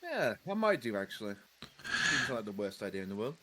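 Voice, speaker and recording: A man's voice: on the low side, sing-song, a little fast, a crowd in the background. A man speaking in character at a tabletop game with a dry, joking manner. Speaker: player.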